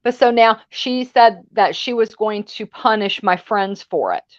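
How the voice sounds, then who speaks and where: A woman's voice: medium pitch, a little slow, dry recording, muffled recording. A woman co-hosting a casual livestream panel, talking bluntly and bossily and tossing out insults. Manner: blunt, bossy and name-calling. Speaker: panel co-host.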